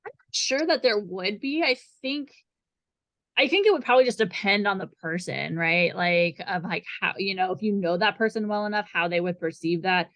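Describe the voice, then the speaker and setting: A woman's voice: medium pitch, moderate pace, fairly bright tone. A young woman, a therapist, teaching a group in a casual, chatty way, often checking in with "right?". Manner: chatty, many fillers and "right?" tags.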